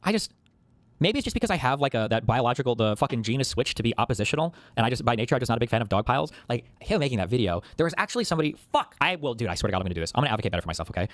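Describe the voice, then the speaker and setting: A man's voice: mid-range voice, sing-song, racing, fairly bright tone, no echo. A man streaming a casual chat and venting in a heated, profane, rambling rant. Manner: heated, agitated.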